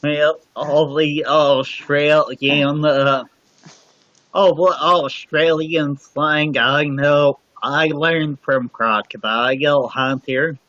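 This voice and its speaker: A man's voice: a little high, steady tone, drawn-out words, bright, forceful tone, no echo. A man joining a casual livestream chat as a guest from home, easygoing and laid-back. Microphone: computer mic on a livestream. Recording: dull, dry lo-fi stream audio.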